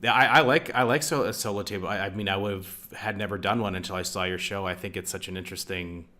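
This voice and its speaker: Upbeat male podcast host, low-set but bright tone, chatty and laughing. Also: quick pace. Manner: enthusiastic, laughs often, says "man" a lot. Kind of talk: casual interview chat.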